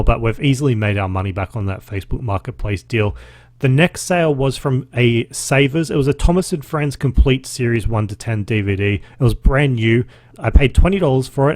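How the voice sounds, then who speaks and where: A man's voice: mid-range voice, no echo. An Australian man in his thirties hosting a casual solo podcast, chatty and swearing freely as he recaps his week. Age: 30s. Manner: chatty and profane, with laughs. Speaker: podcast host.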